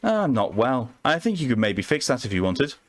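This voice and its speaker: A man voicing a sickly, flirtatious female entity who drawls and teases, in a high falsetto. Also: animated, racing, dry recording. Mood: teasing. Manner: teasing, calls listener sugar and honey.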